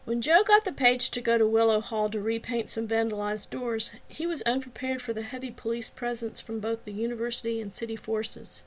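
A woman narrating her own novel as an audiobook, reading with expressive storytelling. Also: on the high side, fairly quick, hardly any pauses.

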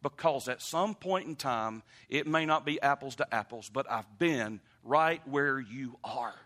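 A man preaching a sermon, emphatic and animated, speaking straight to the congregation. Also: mid-range voice, a little slow. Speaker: pastor.

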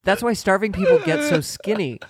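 A man's voice: sits high, big pitch swings, brisk, husky, dry recording. A man co-hosting a book podcast, making dry jokes in casual chat and laughing often. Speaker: podcast co-host.

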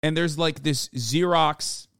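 Young male podcast host, slightly high voice, dry close sound, animated storyteller who acts out quotes. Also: slow pace, clean tone, no room sound. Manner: animated storytelling, acting out quotes, frequent swearing. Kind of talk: casual storytelling chat.

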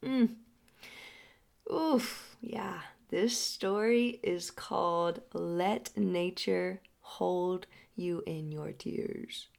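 A young adult woman speaking slowly and softly as a healing guide, often sinking into a breathy half-whisper. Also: on the low side. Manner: slow, soft and drawn out, often dropping into a breathy half-whisper. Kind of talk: reflective spoken storytelling.

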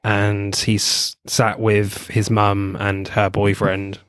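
A man's voice: on the low side, completely flat delivery, slow, fairly bright tone, clear, resonant tone, no room sound, clean studio sound. Laughing man chatting about films. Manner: laughing, swearing, acting out film lines. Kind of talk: casual film review chat.

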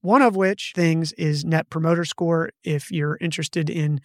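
A man's voice: fairly high pitch, fairly even intonation, unhurried, no echo, studio quality. A man hosting a podcast, casually walking through a research study from his notes and correcting himself as he goes. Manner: conversational, self-correcting, reads from notes. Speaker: podcast host.

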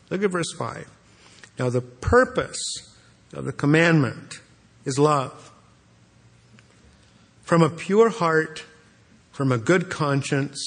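Earnest pastor preaching in a reverberant hall. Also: male voice, mid-range voice. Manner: earnest, repeats words when restarting. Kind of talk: expository sermon.

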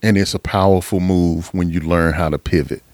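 A man delivers a motivational podcast monologue in a low, dry voice. He swears freely, presses his points over and over, and preaches with fired-up conviction. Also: fairly even intonation, moderate pace, a little mellow, no room sound. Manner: profane, fired-up preaching with frequent laughs. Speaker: podcast host.

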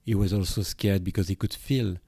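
Low, mellow Belgian-French man, reflective. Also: fairly even intonation, a little fast, creaky, slightly rough, no echo, studio quality. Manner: reflective, with hesitations and restarts. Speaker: therapist. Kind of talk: podcast monologue on emotions.

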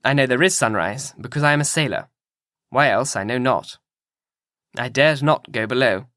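Man narrating an old novel, slow and serious, dry close recording. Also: medium pitch, fairly bright tone, no room sound. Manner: measured, grave reading. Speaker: audiobook narrator. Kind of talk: audiobook reading.

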